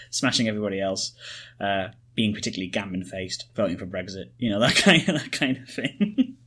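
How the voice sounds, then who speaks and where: A husky-voiced man talks in a loose, rambling way, joking and restarting his sentences as a podcast co-host. His pitch sits in the middle of the range. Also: lively intonation, moderate pace, pushed and bright. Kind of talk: casual chat.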